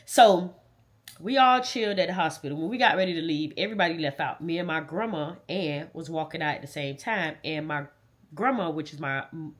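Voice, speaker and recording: A woman telling an emotional personal story in casual, repetitive, dialect-rich speech. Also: low voice. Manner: conversational, repetitive, dialect grammar. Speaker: vlogger.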